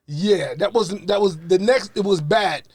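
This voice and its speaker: A man co-hosting a casual podcast chat, telling stories in an expressive, emphatic way. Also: sits high, unhurried, heavy background noise. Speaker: podcast co-host.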